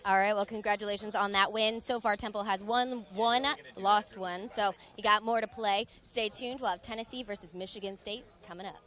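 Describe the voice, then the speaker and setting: A woman reporter at a sports tournament, asking a player brisk questions after a match. Her voice sits at an ordinary middle pitch. She keeps things moving between questions. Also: steady tone, fairly bright tone. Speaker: sideline reporter. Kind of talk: post-match interview.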